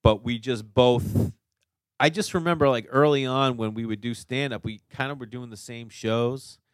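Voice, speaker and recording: A man with a Boston accent, a stand-up comic chatting casually as a podcast guest, animated and swearing freely. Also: medium pitch, normal speed, smooth, dry recording. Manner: animated storyteller, swears, lots of "you know what I mean".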